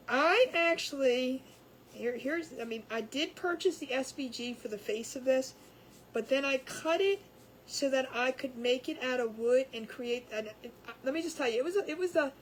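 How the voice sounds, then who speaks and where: A high-voiced woman chats her way through a craft livestream from home. She rambles and laughs easily with her viewers. A faint hum runs under her voice. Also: moderate pace, poor audio. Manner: chatty, rambling, laughs often. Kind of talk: casual chat with live viewers.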